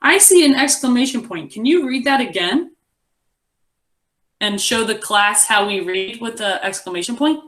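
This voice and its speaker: A young adult woman teaching a reading lesson to a class, encouraging and expressive as she reads aloud. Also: fairly high pitch, normal speed.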